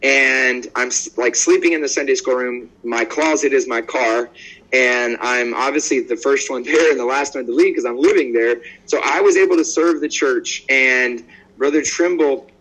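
A man speaking as an evangelist guest, bold and outspoken, telling stories as he voices the people in them. His voice has a husky, breathy grain. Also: medium pitch, normal speed, rough recording. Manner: lively storyteller acting out quoted dialogue. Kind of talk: conversational podcast interview.

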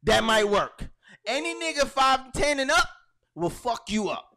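Podcast guy ranting loud and animated, voice swings all over, cussing a lot. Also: very high-pitched, measured pace. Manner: loud, animated, profane storytelling. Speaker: podcast co-host. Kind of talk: casual banter.

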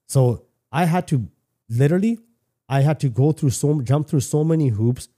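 A Canadian man in middle age, speaking in a mellow, mid-range voice at a brisk clip, shares a personal story as a podcast guest. He's candid and casual, swears freely, and often starts his sentences over.

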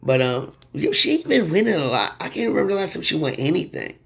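A man hosting a sports podcast in a casual, slangy way, getting loud and excited when he rants. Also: fairly high pitch, fast, gravelly, slightly rough.

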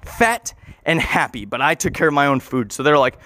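A man improvising an absurd story in a rambling, excitable way, swearing and acting out the scenes. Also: a little high, fairly quick, dry recording.

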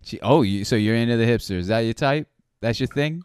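Rich: A playful male host, teasing and repeating himself. His voice is smooth and resonant, recorded dry with little room sound. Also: mid-range voice, a little fast, a little mellow, no room sound. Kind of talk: casual relationship chat.

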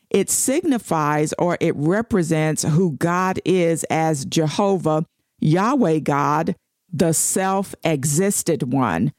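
A woman giving a devotional Bible teaching. She reads scripture slowly and deliberately and explains it verse by verse. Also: on the low side, darkish tone, no echo, clean studio sound.

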